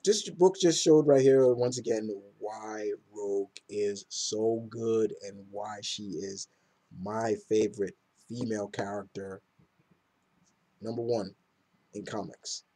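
A man's voice: lowish voice, fairly even intonation, takes it slowly, dark tone. A man casually reviewing comic books in a rambling, enthusiastic way with many fillers.

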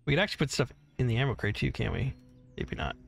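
Fast-talking and gravelly, a man with a medium-pitched voice and big pitch swings commentates his own gameplay for his gaming channel. He rambles casually through the let's-play, swears freely and hums to himself. He records on a desk mic apart from his headset.

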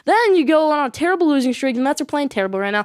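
A woman hosting a solo sports podcast, giving excitable, emphatic opinions and driving each point home with a repeated "okay?". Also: high voice, very fast, dry recording, studio quality.

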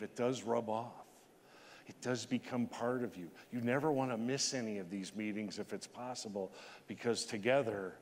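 A man in his sixties giving a motivational keynote speech to a conference, talking with emotion and pushing his voice high at the peaks. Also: darkish tone, a little hiss or hum. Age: 60s. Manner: emotional, emphatic, rising to high pitch at peaks. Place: large conference hall. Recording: long hall reverb.

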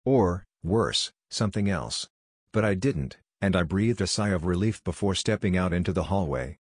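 A man with a very low, husky voice reads a horror story in a measured, grave way. The sound is close and dry, with no room around it. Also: expressive, no room sound. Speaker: narrator. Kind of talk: scripted horror story narration.

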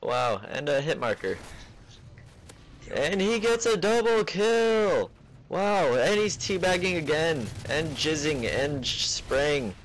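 A man with a lowish, gravelly voice does dry, mocking play-by-play over gameplay in a vague, made-up foreign accent. He speaks slowly and steadily with few pauses.

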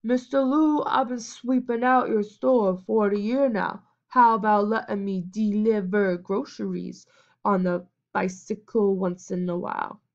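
A woman's voice: mid-range voice, steady tone, a little slow, gravelly, lo-fi sound. A woman voicing a swaggering teenage boy who leads a gang and taunts others in a storybook reading. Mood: mocking. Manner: sneering, taunting, mimicking.

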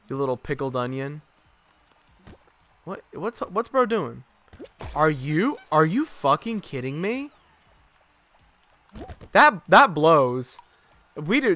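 A young man with a mid-range voice streams a game live, giving excitable commentary packed with profane trash talk.

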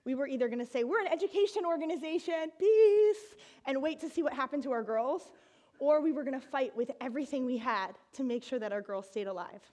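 Brief: high-pitched American woman, animated storyteller on stage, quick to laugh. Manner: animated, laughing, with bursts of excited shouting. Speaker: speaker giving a talk. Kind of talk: storytelling talk to an audience.

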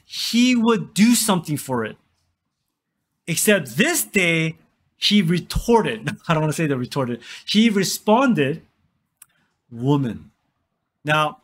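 A man's voice: high-pitched, a bit bright. A man preaching as a pastor, conversational, asking his listeners questions and answering them himself. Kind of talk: sermon.

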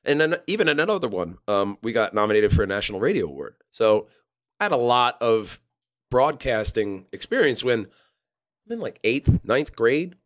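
Animated Philly man telling stories. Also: mid-range voice, moderate pace. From Philadelphia area. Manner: animated, acts out quotes in shifting voices. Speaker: podcast host. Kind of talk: casual storytelling chat.

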